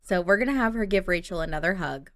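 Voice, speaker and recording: A woman's voice: lowish voice, lively intonation, fast, fairly bright tone, dry recording, studio quality. A woman hosting a casual life-sim let's-play, chatty and giggly, talking fondly to viewers. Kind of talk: casual gameplay commentary.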